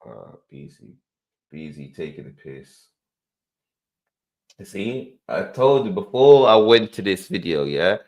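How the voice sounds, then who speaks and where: A man's voice: low voice, very animated, slow pace, pauses often, a little mellow. A man hosting a reaction show, playful in his commentary and given to repeating phrases and acting out scenes. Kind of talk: animated commentary.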